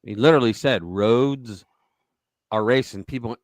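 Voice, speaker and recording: A man's voice: mid-range voice, moderate pace, no room sound. A man hosting a live political commentary stream, talking casually with sarcastic, mocking asides. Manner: animated and sarcastic, mocking voices. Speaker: host.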